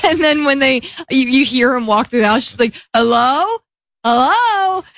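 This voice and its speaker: A woman's voice: sits high, brisk, fairly bright tone, dry recording, clean studio sound. A woman in a casual group chat who tells a story in a playful, giggly way.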